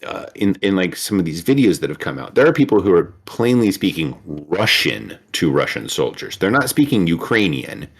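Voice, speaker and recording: A young man from the United States with a very low voice, chatting as a guest on a podcast. He talks with animation and swears freely, slipping into the voices of people he quotes. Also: big pitch swings, moderate pace, few pauses, breathy edge. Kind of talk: casual political chat.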